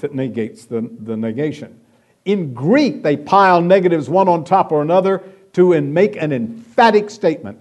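A man preaching a sermon, emphatic, swelling loud and then dropping to a hush. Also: a little high.

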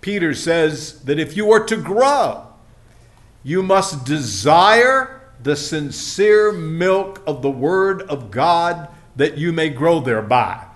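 A man's voice: a little high, animated, slow. A man preaching a sermon, telling folksy stories and acting out the people in them. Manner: folksy storytelling, acts out quoted voices. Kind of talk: sermon with anecdotes.

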